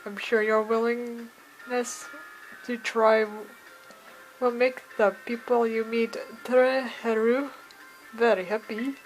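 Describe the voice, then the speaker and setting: Brief: jovial male language teacher, theatrical, foreign words sprinkled in, read by a woman, fairly high, slow delivery. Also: little pitch movement, soft background music, low-quality recording. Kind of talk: reading game dialogue aloud.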